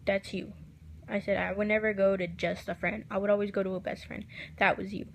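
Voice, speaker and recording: A woman telling a personal story to camera, recounting quoted text messages in a soft, halting voice that drops at times to near a whisper. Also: medium pitch, little pitch movement, creaky, slight background noise. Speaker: vlogger.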